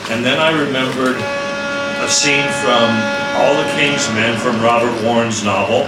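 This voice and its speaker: A man's voice: medium pitch, very animated, measured pace, echoey room, distant mic, loud music behind the voice, poor audio. A man steadily retelling a dream in a plain, casual way. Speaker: interviewee describing a dream. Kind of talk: casual recollection.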